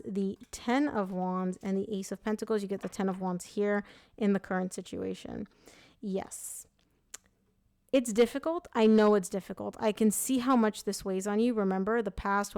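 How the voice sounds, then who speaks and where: A young woman reads tarot cards in a relaxed, chatty way, frank and loose, filling her talk with "like" and catching her own slips. Her voice sits at a middle pitch. It is recorded close and dry, with no room sound. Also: clean tone, dry recording. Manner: chatty, frank, full of "like" and self-corrections. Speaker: tarot reader. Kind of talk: casual tarot reading to camera.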